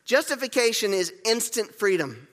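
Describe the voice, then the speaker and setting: A man preaching a sermon, lively and repetitive, leading the congregation in gestures and call-and-response. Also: high-pitched, moderate pace, in a large hall. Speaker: pastor.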